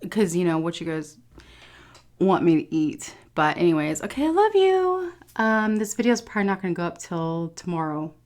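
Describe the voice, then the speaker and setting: A woman's voice: on the low side, fairly even intonation, fairly quick. A tired woman talking candidly to her viewers in a casual home food vlog, swearing freely and often saying "you guys". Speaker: food vlogger.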